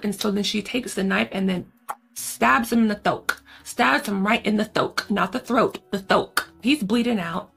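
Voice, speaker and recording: A woman's voice: medium pitch, vocal fry, pushed and bright, breathy edge. A woman hosting a horror movie recap, talking in a chatty, slangy, casual way straight to her viewers.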